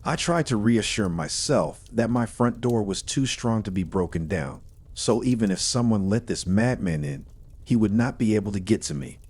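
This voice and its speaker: A man reading a first-person horror story in a steady, measured storytelling manner. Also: fairly low pitch, breathy edge.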